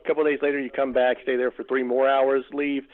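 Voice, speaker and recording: A man hosts a heated radio debate, skeptical and pushing back as he steers the talk. His pitch sits in an ordinary middle range. The sound is narrow and tinny, like a phone line on the radio. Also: flat delivery, fast. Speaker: radio host.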